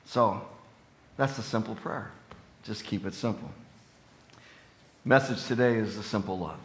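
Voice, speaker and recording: A man preaching a sermon as pastor, earnest and conversational, rising into animated emphasis on his main points. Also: on the low side, unhurried. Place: church sanctuary. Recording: echoey church room.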